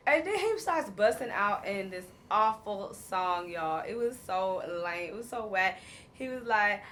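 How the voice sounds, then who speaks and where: At a measured pace, a woman with a mid-range voice gives a casual recap of a reality show episode, a little hiss or hum in the recording. She's an animated storyteller who performs the quotes and laughs a lot.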